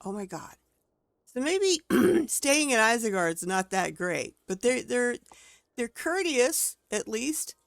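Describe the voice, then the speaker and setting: A woman's voice: a little high, very animated, takes it slowly, vocal fry, no echo, studio quality. A woman streaming a video game, talking casually as she plays, thinking aloud and exclaiming at what she finds. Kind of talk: casual gameplay commentary.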